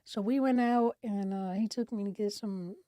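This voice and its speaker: Middle-aged woman, candid reflective storytelling, mellow tone, dry close sound. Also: mid-range voice, moderate pace, dry recording. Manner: candid, reflective, with soft trailing asides. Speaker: mental health talk host. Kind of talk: personal storytelling to camera. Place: home.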